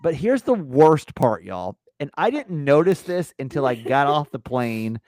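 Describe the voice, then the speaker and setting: This man's voice sits on the high side, and he speaks unhurriedly in a dry recording. Hosting a podcast, he rambles through a casual story, animated, cursing and laughing as he talks.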